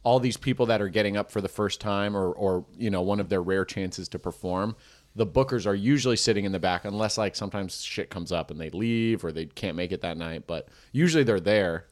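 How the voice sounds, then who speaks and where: A man's voice: fairly low pitch, brisk. A man hosting a casual podcast chat, playfully riffing on jokes.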